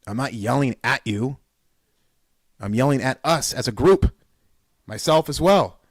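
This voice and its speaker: A man's voice: mid-range voice, lively intonation, measured pace, dry recording. Fired-up man giving a dry pep talk. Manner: fired-up, repetitive exhortations with loud bursts. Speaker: podcast host. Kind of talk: solo podcast pep talk.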